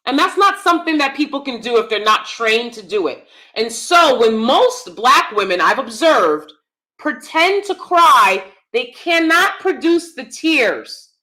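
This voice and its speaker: Bright, high-pitched woman commentator. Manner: emphatic, asks viewers directly. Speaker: channel host; theater actor. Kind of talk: commentary vlog.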